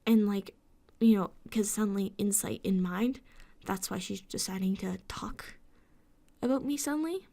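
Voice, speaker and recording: A woman's voice: mid-range voice, moderate pace, vocal fry, mellow. A woman vents to the camera late at night, sleepless and fed up. Her rant is sarcastic and full of swearing. Now and then her voice sinks to a whisper before it climbs again. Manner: frustrated, sweary, sarcastic ranting; drops into whispers at times. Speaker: vlogger. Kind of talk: late-night venting vlog.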